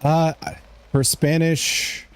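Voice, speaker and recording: A man's voice: on the high side, flat delivery, extremely slow, clear, resonant tone. A man streaming a video game live, chatting casually and joking in a rambling way as he answers his chat.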